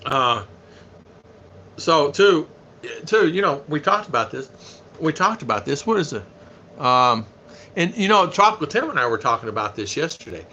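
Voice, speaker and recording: A man's voice: on the high side, sing-song, moderate pace, long pauses, sharp tone, muffled recording, slight background noise. A man from the United States hosting a casual live stream, chatting in a folksy way and reading viewer comments aloud.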